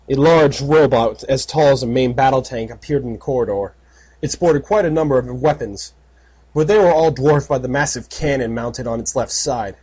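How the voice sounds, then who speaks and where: A man narrating a fan fiction audiobook in a steady, measured way. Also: mid-range voice, breathy edge.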